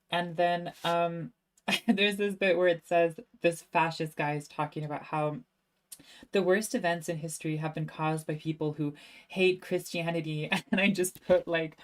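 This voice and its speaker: A woman's voice: low voice, fairly even intonation, normal speed. A young woman, a student, chatting casually on a livestream and answering viewer questions, self-mocking and laughing often.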